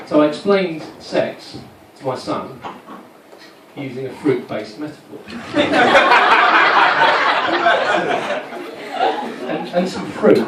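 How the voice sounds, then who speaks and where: A man's voice: fairly high pitch, very animated, drawn-out words, pauses often, very noisy. Man doing stand-up, far off. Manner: rambling, self-mocking, with stumbling restarts. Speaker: stand-up comedian. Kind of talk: stand-up comedy set. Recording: roomy live venue from a distant mic, loud crowd laughter.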